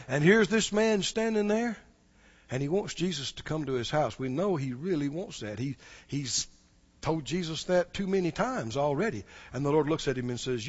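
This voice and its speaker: A man preaching a sermon, moving from hushed storytelling to shouted exhortation and chuckling as he goes. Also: on the high side, lively intonation, normal speed, muffled recording.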